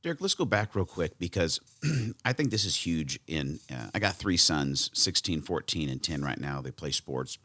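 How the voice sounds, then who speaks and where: A man's voice: a bass voice, very animated, moderate pace, hardly any pauses, pushed and bright. A man in his forties hosting a podcast, talking thoughtfully and rambling with restarts. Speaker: podcast host. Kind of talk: conversational interview.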